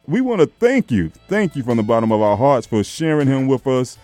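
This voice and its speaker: A New man hosts a live radio call-in with a lively, affectionate manner, calling his callers baby and darling. His voice sits at a middling pitch. Faint music plays under the broadcast. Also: a little fast. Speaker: radio host.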